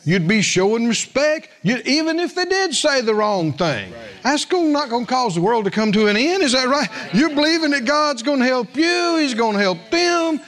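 A man's voice: very high-pitched, sing-song, normal speed, few pauses, a bit bright. A man preaching a sermon, telling stories with quoted voices and asking the congregation questions. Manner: storytelling with acted quotes, asks the congregation questions. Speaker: pastor.

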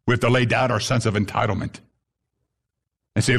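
A man preaching a sermon to a congregation, emphatic, with bursts that rise sharply in pitch. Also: brisk, vocal fry, fairly bright tone. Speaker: pastor.

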